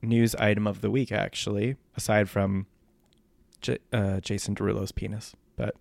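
A man's voice: fairly low pitch, little pitch movement, moderate pace, creaky, a little mellow, dry recording. A man co-hosting a podcast, gossiping in a laid-back way and trailing off with fillers. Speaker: podcast co-host. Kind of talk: casual chat.

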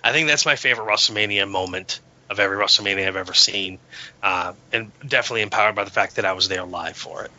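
A man's voice: on the low side, quick pace, bright, forceful tone, slight background noise. A man in casual podcast chat, telling an enthusiastic story with many fillers and restarts. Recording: dull lo-fi sound.

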